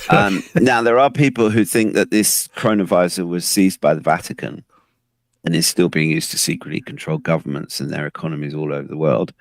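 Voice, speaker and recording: A man with a very low, gravelly voice talks through notes in a casual podcast. He hesitates often and restarts his sentences. The sound is dry and close, with no room around it. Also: a little fast, no room sound. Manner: hesitant, many ums and restarts. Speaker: co-host presenting research.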